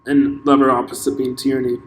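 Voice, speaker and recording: Speaking fast with a medium, fairly flat pitch, a man hosts his podcast alone, pouring out a heated opinion. He keeps halting and restarting while working through his thoughts, and the room is echoey, with long reverb and a faint hiss of noise.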